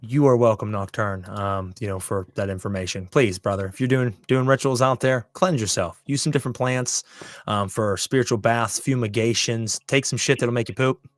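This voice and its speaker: A man's voice: medium pitch, moderate pace, no room sound. A man hosting a podcast interview, talking casually and emphatically with rambling asides. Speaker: podcast host.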